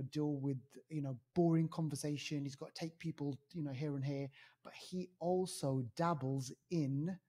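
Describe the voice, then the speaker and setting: A man reviewing a film on a podcast in casual chat, rambling with lots of fillers and animated asides. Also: on the high side. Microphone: podcast mic.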